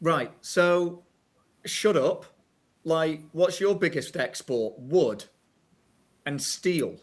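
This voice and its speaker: A man's voice: on the high side, expressive, slow pace. A man hosting a casual podcast chat, ranting in exasperation and breaking into laughs. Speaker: podcast host.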